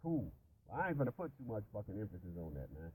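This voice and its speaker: Casting: man, dark mellow tone, rambling profane storyteller, faint noise behind. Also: fairly low pitch, sing-song, quick pace, rough recording. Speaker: religious discussion participant. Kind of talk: casual profane chat about scripture.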